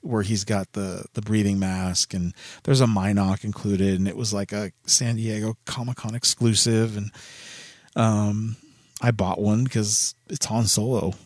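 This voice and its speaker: A man's voice: fairly low pitch, fairly even intonation, a little slow, darkish tone, no echo. A man talking casually and bluntly on his own, exasperated and swearing freely as he goes. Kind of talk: casual solo commentary.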